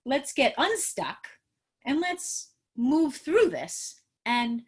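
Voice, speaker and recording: Woman, trauma specialist, parenting webinar, emotional, animated, acts out parent talk, video call mic. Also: sits high, very slow. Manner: emotional and animated, acting out what a parent says to a child. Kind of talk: expressive webinar teaching.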